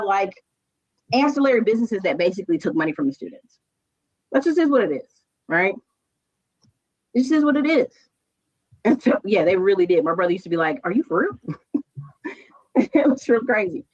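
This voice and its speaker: A woman chatting casually on a stream, telling stories with quick asides. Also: on the high side, highs cut off. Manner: animated storytelling, quick asides. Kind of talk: casual chat.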